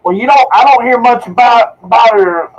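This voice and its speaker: A man's voice: very high voice, normal speed, dull audio. A man hosting a casual interview show, asking long rambling questions full of fillers. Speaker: show host.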